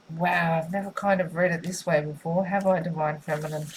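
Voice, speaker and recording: Deep-voiced lady doing a tarot reading, slow soothing musing, bit of faint hiss behind. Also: steady tone, poor audio. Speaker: tarot reader.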